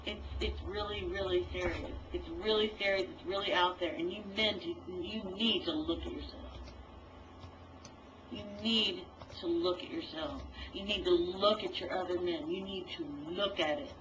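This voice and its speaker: A woman's voice: on the low side, normal speed. Foul-mouthed woman ranting, far off-mic. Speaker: voice chat participant. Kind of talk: profane angry rant. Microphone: computer mic in voice chat. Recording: distant, dull lo-fi voice chat audio with faint hiss.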